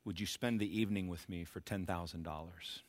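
A man voicing a wealthy businessman in a told story, speaking low, hushed and matter-of-fact. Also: steady tone, fairly quick, no echo. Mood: blunt. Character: wealthy older businessman, cool and blunt.

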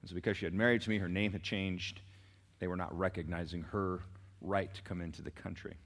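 A man's voice: deep voice, fairly even intonation, a little fast. Conversational preaching man, dynamic swings. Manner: conversational preaching with asides and rising emphatic peaks. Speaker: pastor. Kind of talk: sermon.

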